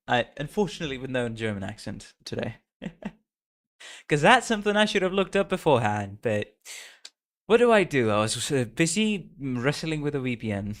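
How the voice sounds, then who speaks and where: A man's voice: medium pitch, fairly bright tone. A man streaming a story game, chatting casually in a playful, self-mocking way and laughing often. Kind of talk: casual live-stream chat while reading a game story.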